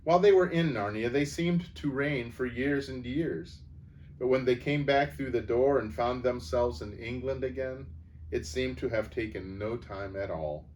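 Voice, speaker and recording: A man calmly reading a children's novel aloud as storyteller. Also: medium pitch, moderate pace. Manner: calm, even storybook reading. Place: church setting. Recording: distant mic, faint background noise.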